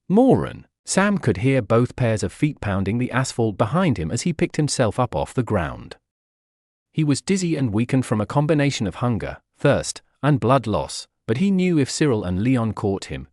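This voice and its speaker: A man reads a fan-fiction story aloud as a dramatic audiobook, his pitch rising and falling a lot. The recording is dry and close-miked, with no room echo. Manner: expressive, voices the characters' shouts. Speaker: audiobook narrator.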